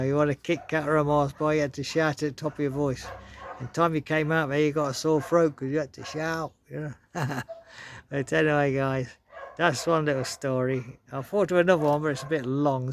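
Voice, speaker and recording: A man's voice: on the high side, slight background noise. A man vlogging a casual story, chuckling often and rambling through restarts.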